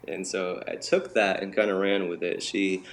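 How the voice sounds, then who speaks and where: A man with a lowish voice tells a long personal story as an interview guest. He talks in an animated, conversational way and slips into the voices of the people he quotes. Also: normal speed. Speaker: interview guest, bodywork healer.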